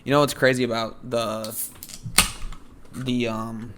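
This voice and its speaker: A man hosting a casual podcast, his voice at an ordinary middle pitch. He tells stories in a relaxed way and answers his guest with short, friendly replies. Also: slow, noisy background. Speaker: podcast host. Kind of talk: casual interview.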